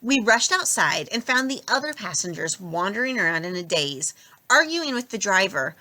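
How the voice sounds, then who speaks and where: A young adult woman reading a novel aloud with expressive, lively narration. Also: medium pitch, moderate pace. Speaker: storybook reader.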